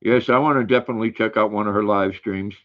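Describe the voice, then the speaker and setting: An older man hosting a casual livestream, reading viewers' comments aloud in a relaxed, folksy way. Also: fairly low pitch, fast. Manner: relaxed, folksy, reads viewer names and messages. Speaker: livestream host. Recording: dull lo-fi stream audio.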